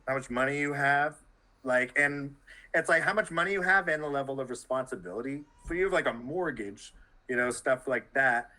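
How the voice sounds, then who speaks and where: Bright-voiced man, rambling casually. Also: mid-range voice, low-quality recording. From Canada. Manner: rambling, many "like"s and restarts. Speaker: podcast guest, journalist. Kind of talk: casual interview conversation.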